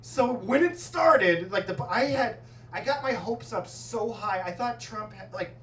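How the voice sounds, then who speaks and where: A man doing a stand-up set, telling stories in an animated way and laughing at his own jokes in a comedy club. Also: sits high, a little slow, slight background noise. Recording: roomy club sound, mic at a distance, audience laughter.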